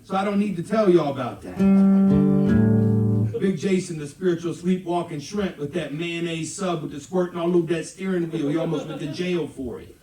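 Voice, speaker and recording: A man's voice: fairly high pitch, normal speed, a little mellow. A man telling a rambling, profane, exaggerated story live on stage between songs. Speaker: comedic storyteller and musician. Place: live music venue. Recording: echoey live room from far off, guitar.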